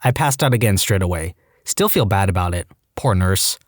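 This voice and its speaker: A man reading Reddit stories aloud as a podcast narrator, animated and quick to jump into acted quotes. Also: low voice, dry recording, studio quality.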